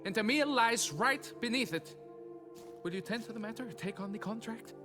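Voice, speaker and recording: Game role: shrill, excitable, penny-pinching foreman, fussy and wheedling. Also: moderate pace, loud music behind the voice. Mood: pleading. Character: flustered, stingy middle-aged male quarry foreman. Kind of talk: video game dialogue.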